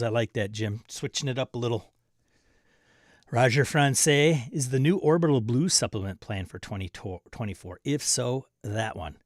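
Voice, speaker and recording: A man's voice: medium pitch, dry recording, clean studio sound. A man hosting a tabletop game livestream, reading viewer comments aloud and joking around in casual chat.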